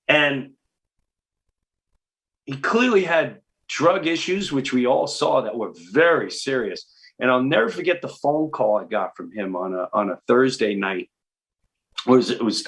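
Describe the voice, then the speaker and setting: A middle-aged man, a comedian guest, telling stories in a podcast interview and acting out the people he quotes with big pitch jumps. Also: a bit bright.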